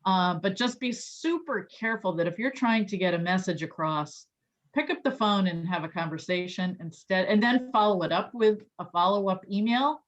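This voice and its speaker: A woman's voice: medium pitch, normal speed. A woman trainer explaining sales skills in a chatty, loose way with many fillers and restarts. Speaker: real estate trainer. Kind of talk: online training talk. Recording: dull lo-fi audio.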